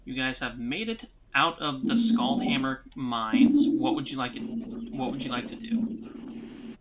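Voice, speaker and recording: A man narrating as game master in a tabletop game, relaxed and halting with lots of filler pauses. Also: medium pitch, very noisy. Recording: tinny phone-like sound.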